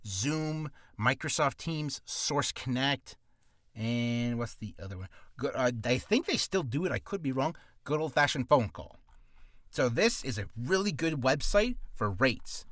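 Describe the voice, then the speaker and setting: A man's voice: medium pitch, expressive, measured pace, a bit bright, no room sound, studio quality. A man in a casual vlog, rambling in a goofy way and often cutting himself off mid-sentence. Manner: goofy, rambling, self-interrupting. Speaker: voice actor vlogger. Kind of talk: casual screen-share vlog.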